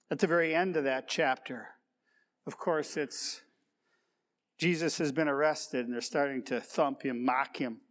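Guy preaching slow, high voice, repeats his words for weight, big reverby church sound. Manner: reflective, asks rhetorical questions, repeats key words. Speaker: pastor. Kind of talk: sermon. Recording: long reverb of a large hall.

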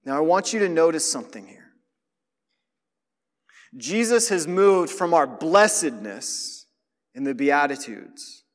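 High-voiced man preaching in a reverberant hall. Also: lively intonation, measured pace, pauses often. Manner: conversational preaching, asks listeners to notice. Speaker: pastor. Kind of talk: sermon.

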